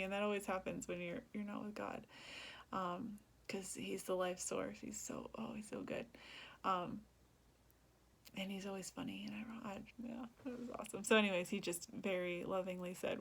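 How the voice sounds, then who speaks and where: A woman's voice: medium pitch, fairly even intonation, moderate pace, gravelly. A young woman talking earnestly in a personal vlog, rambling, laughing often and dropping to a whisper. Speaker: vlogger.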